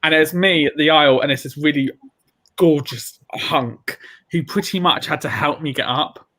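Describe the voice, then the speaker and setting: A man's voice: fairly high pitch, pushed and bright. A man telling a long rambling travel story on a casual podcast, full of fillers and restarts. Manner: rambling, fast anecdote with many fillers.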